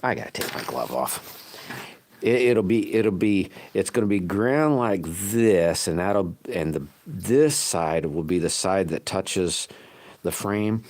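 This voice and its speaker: A man's voice: deep voice, animated, slow pace, darkish tone. A man hosting a casual livestream while working at his bench, chatting in a rambling, folksy way and chuckling at himself. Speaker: livestream host making slingshots.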